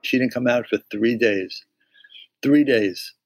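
A man in a documentary interview, recalling a scene deliberately. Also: mid-range voice, soft background music, rough recording.

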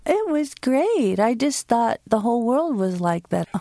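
A woman from the United States performs a personal story, then talks as an interview guest, sounding vivid and expressive. Her voice is fairly high-pitched and unhurried.

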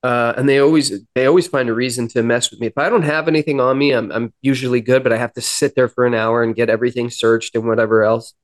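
A man's voice: medium pitch, fairly even intonation, fast talker, hardly any pauses. Earnest man telling his own story. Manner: earnest, reflective, quoting himself and others in dialogue. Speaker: podcast guest. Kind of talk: candid personal storytelling.

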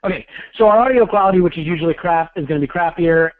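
A man's voice: fairly high pitch, fast, no room sound. Wry podcast host man on phone line. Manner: wry, joking, self-deprecating. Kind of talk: casual podcast hosting. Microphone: cell phone call-in.

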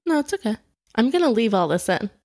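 A woman in casual chat as listener and co-host, cutting in with quick questions. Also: a little high, big pitch swings, a little mellow. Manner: interrupts with quick questions, looks things up aloud.

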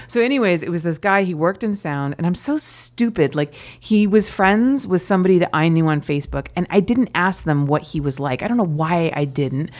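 A woman guest on a podcast, telling a story with animated, self-deprecating humor. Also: on the low side, a little fast, few pauses. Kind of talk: casual storytelling.

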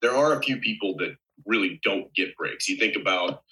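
A man's voice: fairly low pitch, moderate pace, sharp tone, low-quality recording. A man, an actor as interview guest, explaining things in long rambling stretches with wry humor. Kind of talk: casual chat.

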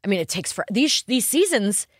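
Animated woman host telling stories. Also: medium pitch, moderate pace, no room sound, clean studio sound. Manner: animated storyteller, acts out quotes. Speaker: podcast host. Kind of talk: casual chat.

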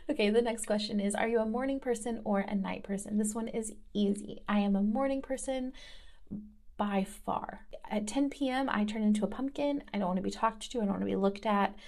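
A woman's voice: medium pitch, fairly quick, a little mellow. A woman in her thirties from the American South, hosting in a casual, rambling chat style with many fillers. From Southern United States. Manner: chatty and rambling, lots of "like". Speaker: host.

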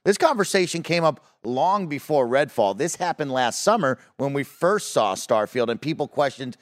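A man's voice: a little high, animated, normal speed. Earnest man arguing a gaming point. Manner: earnest, persuasive, leans on "right?". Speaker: co-host. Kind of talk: casual gaming news chat.

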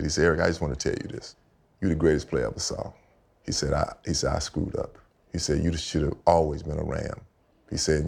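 An older man, a retired football player, talking casually as a podcast guest and telling animated stories, repeating himself for emphasis. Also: a bass voice, creaky, breathy edge. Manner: animated storyteller, repeats himself, acts out quotes. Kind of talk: casual storytelling chat. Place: house set for a podcast.

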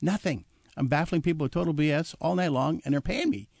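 Older male storyteller, animated, chatty, dry close recording. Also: on the high side, fast, gravelly, dry recording. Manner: animated anecdote with acted quotes and chuckles. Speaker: guest telling his life story. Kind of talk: casual storytelling.

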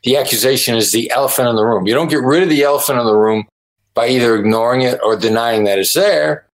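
A man's voice: medium pitch, fast talker, low-quality recording. A middle-aged man, a guest on a podcast interview, explaining his ideas emphatically and acting out example phrases. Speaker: negotiation expert guest.

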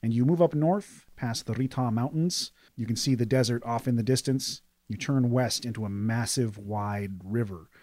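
A man narrating scenes as game master of a tabletop game, steady and descriptive. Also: mid-range voice, dry recording.

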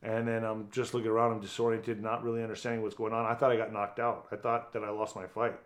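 A man's voice: fairly low pitch, little pitch movement, fast. A middle-aged man, a former boxer, telling his story bluntly and profanely in an interview, acting out what others said. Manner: blunt, profane, vivid retelling with acted quotes.

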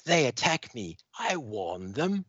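A man voicing a menacing female alien soldier who speaks in slow, halting broken English, with a dull, dry recording sound. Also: medium pitch, sing-song, a bit bright, slightly rough, dry recording, pitched above the performer's own voice, heavily acted.

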